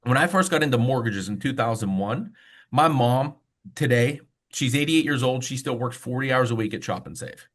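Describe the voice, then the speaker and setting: A man presenting mortgage tools on a webinar, talking casually and telling stories as he goes. He speaks at a middle pitch, and the sound comes through a video call. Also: normal speed, fairly bright tone. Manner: casual storytelling, conversational fillers. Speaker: mortgage loan officer.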